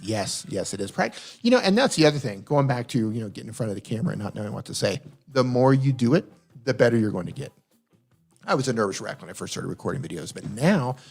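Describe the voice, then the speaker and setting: With a husky, slightly mellow, medium-pitched voice and some vocal fry, this man hosts a live stream Q&A over faint funk music. He gives viewers coaching on their channels, reads the chat aloud, and frequently repeats himself for emphasis.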